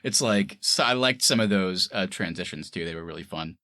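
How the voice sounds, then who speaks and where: A man co-hosting a film review podcast in casual chat, animated and laughing often as he acts out scenes. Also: low voice, fairly quick, no room sound, studio quality.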